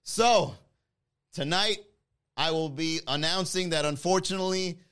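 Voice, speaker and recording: A mock-solemn male president breaks bad news to the nation, as a man puts him on. The voice sits a bit high and stays loud and forceful throughout. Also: a little slow, clear, resonant tone.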